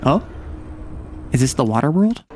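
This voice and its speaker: A man's voice: mid-range voice, big pitch swings, moderate pace, mellow, faint music behind. A man streaming a game and talking through it in a playful, chatty way, reacting to everything with big, exaggerated responses. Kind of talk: casual game commentary.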